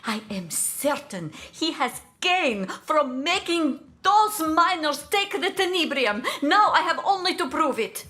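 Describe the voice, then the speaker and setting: A sour, zealous game character who mangles her English, dropping articles as she grumbles. Her voice sits a touch high, her delivery slow and heavy, with faint game music beneath. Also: big pitch swings, sharp tone, full character voice. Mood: vengeful. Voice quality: foreign-sounding broken English, dropped articles. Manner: grumbling, bitter, vengeful. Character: gruff zealous woman in broken English. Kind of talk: video game voice acting.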